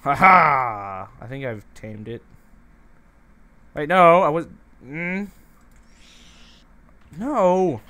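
A man's voice: mid-range voice, expressive, drawn-out words, pauses often, pushed and bright. A man giving casual, playful let's-play commentary, chatting to the animals and villagers as he goes. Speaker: gameplay commentator.

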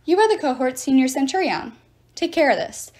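A woman's voice: high-pitched, animated, brisk, a little mellow, pitched above the performer's own voice. A woman voicing a brave, determined teenage boy hero giving orders. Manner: determined, commanding.

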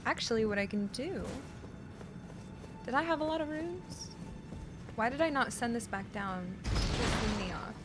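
A woman's voice: a little high, expressive, normal speed, long pauses. A young woman streaming a game live, talking to her chat, frustrated and swearing. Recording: music playing loudly behind.

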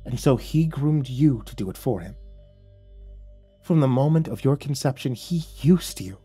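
A man voicing a gentle male angel messenger, speaking softly, solemnly and slowly in a dark, husky voice. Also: mid-range voice, lively intonation, soft background music. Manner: soft, solemn, slow and pleading.

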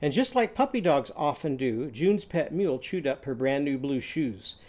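A man teaching a phonics lesson, telling short stories and quizzing the class with loud, drawn-out vowel sounds. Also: mid-range voice. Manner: animated, loud drawn-out vowel shouts and quiz prompts.

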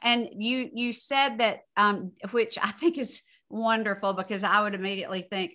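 Bright-voiced woman podcast host. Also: mid-range voice, steady tone, normal speed, hardly any pauses. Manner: encouraging, curious interviewer. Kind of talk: casual interview chat.

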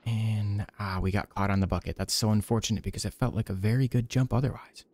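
A man streaming a game, giving soft-spoken ASMR commentary with gentle self-talk and the odd casual swear. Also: fairly low pitch, steady tone, quick pace.

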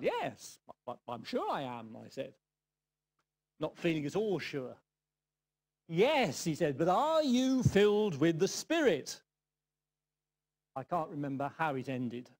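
An older man from England giving a sermon, telling a personal story in a reflective way with dry humour and soft asides. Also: on the high side. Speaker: guest preacher.

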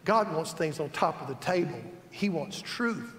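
A man's voice: on the high side, animated, unhurried. A male pastor preaching a sermon in a church sanctuary, emphatic and stacking up repeated lists. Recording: echoey church hall.

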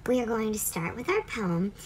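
A woman teaching a children's phonics lesson, cheerful, drawing out each letter sound slowly for young learners. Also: fairly high pitch, very animated, a little hiss or hum. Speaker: reading teacher.

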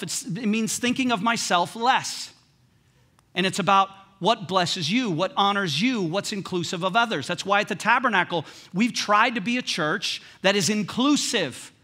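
A man delivers a church sermon as pastor, his voice sitting high for a man and ringing with a bright edge. He talks in a loose, joking, conversational way, dropping to hushed lines and then pressing points with force. The delivery feels like a preacher speaking to his congregation from the front. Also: expressive, normal speed. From United States. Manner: conversational and humorous, swinging between hushed and emphatic. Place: church sanctuary.

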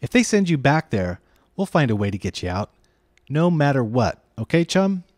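A man reads aloud, voicing a bold, plucky young girl with a breezy, brash manner, pitched above his own natural voice. His mid-range delivery is very animated and a little mellow at normal speed, captured in a dry, clean studio recording.

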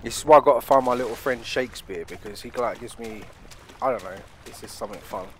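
Loud, swearing gaming host. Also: male voice, mid-range voice, quick pace, slight background noise. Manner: loud, swearing, keeps calling out to viewers. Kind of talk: let's play commentary.

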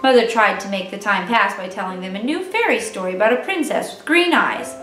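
A woman reading a classic children's novel aloud in an expressive, animated way. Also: medium pitch, fairly quick. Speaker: children's ministry reader. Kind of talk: storybook read-aloud for children. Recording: roomy, distant mic with faint music.

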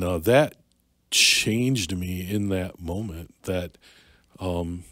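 Deep husky-voiced man telling a story. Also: a bit bright, no room sound. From Michigan. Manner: candid, halting, many fillers and restarts. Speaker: podcast guest, Navy and Army veteran. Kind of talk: casual storytelling.

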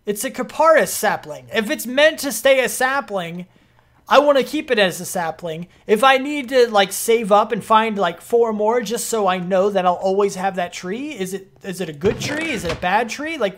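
A young adult streamer giving casual, rambling gameplay commentary, excitable and full of fillers. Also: medium pitch, normal speed.

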